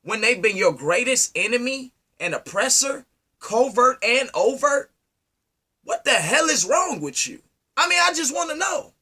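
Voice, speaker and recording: A man delivering an impassioned, preachy monologue, firing rhetorical questions at his listeners and swinging from loud to low. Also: very animated, measured pace, slightly rough. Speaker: speaker addressing his community.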